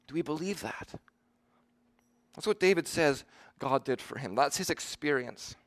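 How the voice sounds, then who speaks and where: A man preaching a sermon, earnest and emphatic, slowing down to stress the verses he quotes. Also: a little high, lively intonation.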